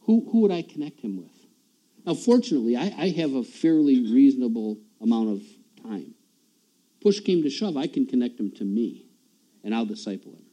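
A man's voice: medium pitch, sing-song, normal speed, warm tone, poor audio. A man preaching a sermon in a church, talking in a conversational way, often repeating words and chuckling at himself.

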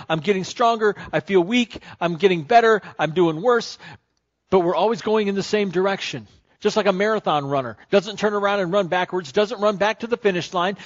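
High-voiced pastor preaching a sermon. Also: male voice. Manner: builds from calm teaching to loud excited crowd-cheering passages. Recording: dull lo-fi sermon recording.

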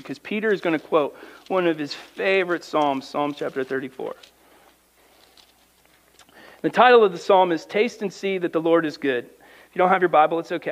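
A man preaching a sermon, reading scripture aloud and breaking in with emphatic commentary, swinging from quiet asides to loud, drawn-out emphasis. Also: on the high side. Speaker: pastor.

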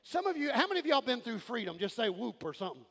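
A man preaches with a high, gravelly voice. His sermon is animated, and he often breaks into shouts. A long reverb from the sanctuary and a faint congregation sit behind him. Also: fast, noisy background. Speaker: pastor. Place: large church sanctuary. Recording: crowd in a reverberant church hall.

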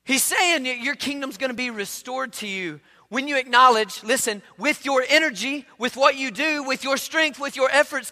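Very high-voiced, bright male pastor preaching. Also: moderate pace, hardly any pauses, big-room sound. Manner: conversational storytelling with frequent word repeats. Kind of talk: sermon.

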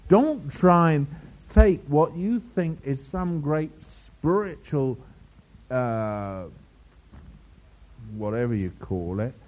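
A man preaching a sermon to a congregation, lively and teasing, mimicking other preachers' voices for humor. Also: a little high, slow, pauses often. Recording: dull lo-fi sermon recording.

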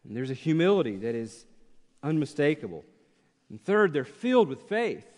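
A man's voice: fairly high pitch, very animated, moderate pace, a little mellow. A man preaching an expository sermon as pastor, passionate and rhetorical, repeating phrases for emphasis. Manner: impassioned, rhetorical questions, emphatic repetition. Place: church sanctuary. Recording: church hall with long reverb.

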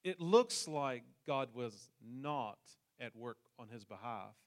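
A man's voice: medium pitch, expressive, slow pace. A man from New Zealand with a New Zealand accent, telling a personal story in a sermon with jokes for the congregation. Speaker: pastor.

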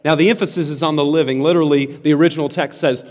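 Male pastor, emphatic sermon delivery, slightly high voice; reverberant church hall. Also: steady tone, very fast. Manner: emphatic, earnest, with repeated restarts.

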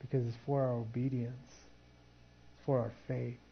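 A man's voice: mid-range voice, flat delivery, a little slow, vocal fry, breathy edge, muffled recording. A man preaching a sermon in a conversational way, often restarting his sentences. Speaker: pastor.

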